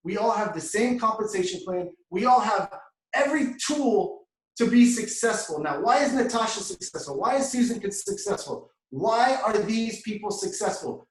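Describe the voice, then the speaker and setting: Fired-up guy telling his story to the crowd, kinda high voice, echoey and far from the mic. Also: normal speed. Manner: energetic storytelling, addresses crowd as guys. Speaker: award recipient speaker. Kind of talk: motivational testimonial talk.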